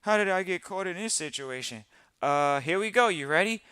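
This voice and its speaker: A man hosting a live podcast in casual talk, animated and repeating phrases for emphasis. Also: sits high, normal speed, smooth, no room sound, studio quality. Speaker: podcast host.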